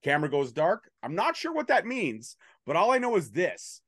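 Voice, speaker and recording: Tired male co-host, profane, mock-grumpy banter, very animated delivery. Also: high-pitched, normal speed, no echo, clean studio sound. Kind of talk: casual podcast chat.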